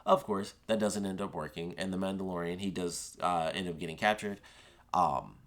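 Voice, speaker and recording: A man with a notably low voice talks through a TV episode review in a loose, conversational way. He rambles and leans on fillers like "like" and "of course" as he recaps and weighs in. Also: normal speed, fairly bright tone. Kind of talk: casual spoken review.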